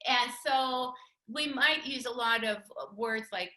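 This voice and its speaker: A woman's voice: on the high side, slow, sharp tone, reverberant. A woman teaching a communication workshop with her husband, chatty, with frequent laughs and restarts. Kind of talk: teaching talk with spouse.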